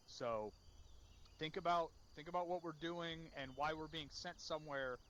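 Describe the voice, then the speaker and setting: A man's voice: on the high side, moderate pace, fairly bright tone, dull audio, a little hiss or hum. A man leading a game unit's after-action debrief, blunt and profane as he scolds. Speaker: unit leader.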